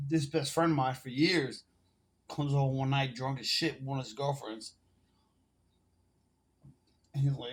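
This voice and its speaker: A man's voice: medium pitch, fairly even intonation, unhurried, long pauses. Profane, rambling man telling a story. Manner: rambling, profane street slang. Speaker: vlogger. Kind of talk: casual storytelling to camera. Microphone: phone camera.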